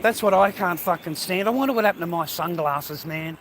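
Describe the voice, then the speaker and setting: A man's voice: high voice, fairly quick. An Australian man ranting to his phone as he walks along a street, rambling and profane, calling everyone mate and bro. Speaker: vlogger. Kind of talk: ranting monologue to camera while walking. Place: outdoors, walking along a street and path. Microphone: phone held while walking. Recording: phone recording with loud street noise. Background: loud traffic and street noise.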